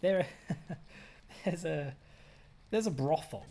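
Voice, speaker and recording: A young man chatting casually while streaming a game, animated and jokey, ranting and mocking himself. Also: a little high, very slow, creaky. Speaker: stand-in streamer. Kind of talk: casual gameplay stream chat.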